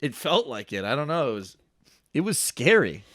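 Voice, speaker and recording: A man's voice: medium pitch, very animated, normal speed, a bit bright, no echo, clean studio sound. Rambling young man telling a story. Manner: rambling, self-deprecating, lots of filler "like". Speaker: podcast co-host. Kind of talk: casual storytelling chat.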